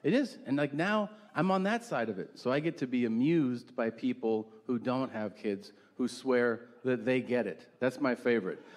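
A man's voice: mid-range voice, moderate pace, few pauses. A man doing a stand-up comedy routine on stage, telling profane stories and acting out other people in shifted voices. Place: comedy stage before a live audience.

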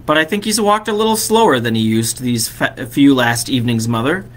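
A man's voice: mid-range voice, animated, brisk, lightly acted. A man voicing an earnest teenage son of a poor family in a plain storytelling tone.

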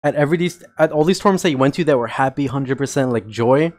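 A man talks fast and bluntly, pushing back on the others with casual swearing. His voice sits in a middle range. It is a loose, argumentative podcast chat. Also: medium pitch.

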